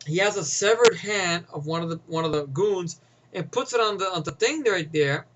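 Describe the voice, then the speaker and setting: A young man with a fairly high voice talks through a movie he loves in a loose, rambling way. He stumbles, repeats himself and slips into the characters' lines as he retells scenes. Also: normal speed, background noise. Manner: rambling, laughs often, restarts and repeats words. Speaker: movie reviewer. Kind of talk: casual spoken movie review.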